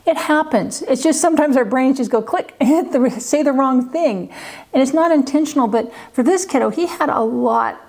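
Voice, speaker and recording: A woman's voice: sits high, normal speed, gravelly, darkish tone. A woman in her forties, a former teacher and parent, telling stories casually to camera in a chatty, conversational way. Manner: chatty and conversational, with light laughs and many "you know"s; acts out what others say in livelier voices.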